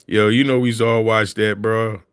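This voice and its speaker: A man's voice: fairly low pitch, a bit bright, clean tone, dry recording. Casual-chat man, laughing storyteller, dry close mic. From Philadelphia. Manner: storytelling, laughs often, slangy.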